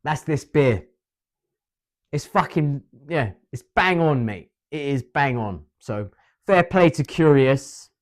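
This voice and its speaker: English bloke rambling on about a beer, chatty and a bit sweary, mid pitch. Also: male voice, lively intonation, takes it slowly. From England. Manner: rambling, enthusiastic, salty, keeps saying "mate". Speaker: beer reviewer. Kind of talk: casual chatty review.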